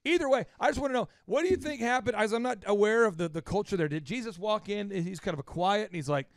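Male podcast host from Oklahoma; fast animated storyteller, dry close sound. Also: high-pitched, no echo. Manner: animated storyteller, acts out characters. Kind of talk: casual chat.

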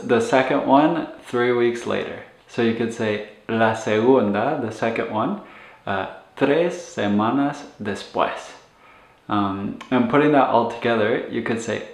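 A man teaching medical Spanish phrases in a relaxed, casual way, with many fillers and a laugh at his own tongue twister. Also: mid-range voice. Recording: echoey room.

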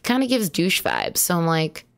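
A woman talking through a horror game on a live stream. Her voice sits a little low and swings widely in pitch as she chats, yelps at scares and curses without fuss. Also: huge pitch swings, normal speed, vocal fry, background noise. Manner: chatty, jumpy, yelps at scares, swears casually. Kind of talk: live horror gameplay commentary.

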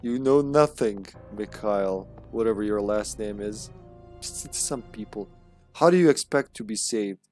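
A man's voice: on the low side, a little slow, a little mellow, faint music behind. A man giving joking, sarcastic commentary while playing a video game on a live stream. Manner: jokey, sarcastic, laughs often. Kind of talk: casual gameplay commentary.

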